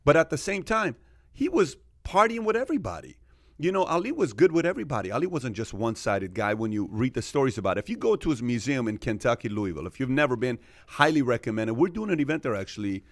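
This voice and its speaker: A man's voice: mid-range voice, sing-song, fast talker, no echo, studio quality. A man hosting a casual podcast discussion, telling stories animatedly and acting out quoted exchanges, with frequent fillers. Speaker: podcast host.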